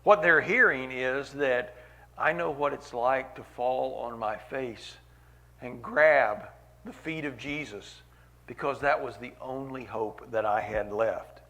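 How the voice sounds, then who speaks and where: Guy preaching real slow, earnest, leans on repeated lines, mid-pitched voice. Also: pushed and bright. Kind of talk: sermon. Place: church meeting.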